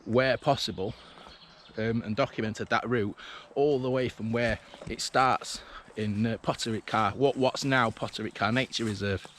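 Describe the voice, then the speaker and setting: A man's voice: fairly low pitch, steady tone, normal speed, a bit bright. A man vlogging while he walks an old railway line outdoors, chatting casually and thinking aloud with restarts. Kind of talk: casual walking commentary. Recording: faint outdoor background noise.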